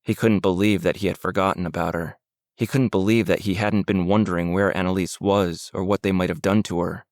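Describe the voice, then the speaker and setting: A man narrating an audiobook in a steady, measured storytelling voice. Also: sits low, dry recording, clean studio sound. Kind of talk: scripted narration.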